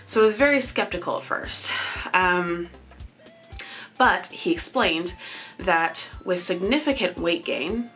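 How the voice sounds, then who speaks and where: A woman in her thirties talks in a chatty, candid way, often laughing at herself, and sounds tired. Her voice sits fairly low. Faint music plays underneath. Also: a bit bright. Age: 30s. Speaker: vlogger. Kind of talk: casual personal update.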